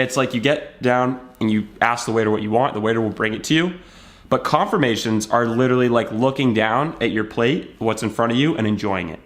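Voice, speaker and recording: A man's voice: mid-range voice, a bit bright. A man giving a casual motivational talk to camera, telling a story and acting out bits of dialogue in a conversational way. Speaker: self-help video creator.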